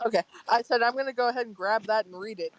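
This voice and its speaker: A woman's voice: fairly high pitch, quick pace, rough recording. A woman playing a tabletop game, talking casually and bluntly. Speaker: player.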